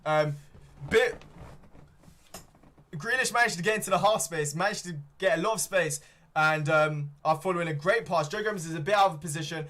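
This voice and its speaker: A man's voice: fairly high pitch, moderate pace, fairly bright tone. A young man doing live fan play-by-play of a football match, rambling with frequent ums and self-corrections. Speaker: fan streamer commentating a match. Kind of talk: live fan watchalong commentary.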